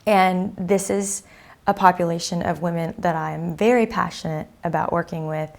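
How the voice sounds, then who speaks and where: A woman in her thirties speaks as an interview guest, candid and reflective, with a low voice. Gravelly fry runs through her speech. She often pauses on fillers as she thinks. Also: steady tone. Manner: open, reflective, many fillers. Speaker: guest, prenatal class teacher.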